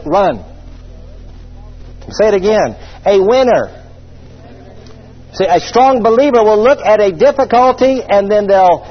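A man preaching a humorous sermon, voicing imagined listeners and reading scripture slowly. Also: high voice, slightly rough, muffled recording.

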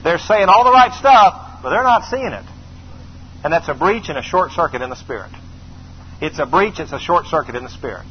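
A man's voice: a little high, lively intonation, brisk. A middle-aged man preaching a sermon emphatically, repeating phrases and calling on the congregation to answer. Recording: slightly dull recording with faint noise.

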